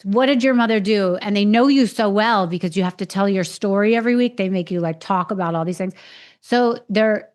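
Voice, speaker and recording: A woman's voice: medium pitch, a little fast, darkish tone. Woman host telling a raw personal story. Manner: frank, swears freely, retells with quoted voices. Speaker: podcast host.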